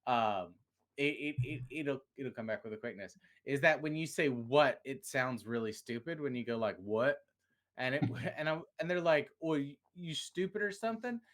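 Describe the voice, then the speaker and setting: A man's voice: medium pitch, moderate pace, a bit bright. Rambling man with a Southern accent. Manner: rambling, self-interrupting, laughs often. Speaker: podcast co-host. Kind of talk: casual chat.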